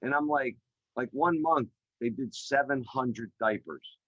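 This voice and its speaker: A middle-aged man, a podcast guest, telling his career story in an energetic, chatty way with many fillers over a video call. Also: mid-range voice, a little slow, no room sound, muffled recording. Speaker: podcast guest, real estate developer. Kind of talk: animated storytelling in an interview. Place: remote call.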